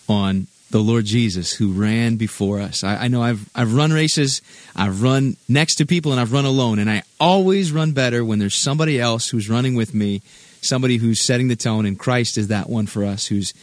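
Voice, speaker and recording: A man hosting a Christian radio show, calmly introducing his guest and asking questions. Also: on the low side, no room sound. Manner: calm, measured, introducing and prompting. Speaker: radio host.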